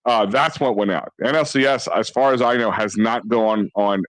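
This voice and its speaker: A man talking sports on a podcast, excitable and rambling with many restarts. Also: on the low side, moderate pace, no echo, low-quality recording. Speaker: podcast co-host. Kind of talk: casual sports chat.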